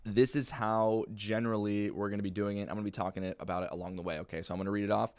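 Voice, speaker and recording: This young man, an insurance sales trainer, coaches sales calls in relaxed, plain language loaded with fillers. His lowish voice stays level in tone and runs very fast and smooth.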